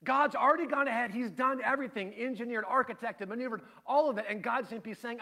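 A middle-aged man preaching a sermon, telling a family story with lively acted-out voices before turning quiet and earnest. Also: extremely high pitch, fast talker, few pauses. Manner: animated storytelling, acting out his kids and himself. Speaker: pastor.

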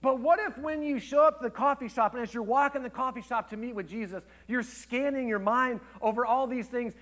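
A man in his thirties preaches like an animated storyteller, tossing rhetorical questions to his listeners. His voice sits high and bright, and he falls to a soft hush when a point lands. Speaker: pastor. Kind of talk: sermon with personal story.

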